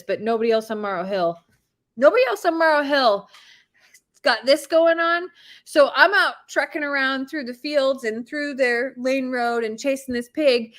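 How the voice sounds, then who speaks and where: Animated woman telling a funny story. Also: a little high. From Midwest US. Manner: animated, laughs often, swings from excited to hushed. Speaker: host telling a personal story. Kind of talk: casual storytelling.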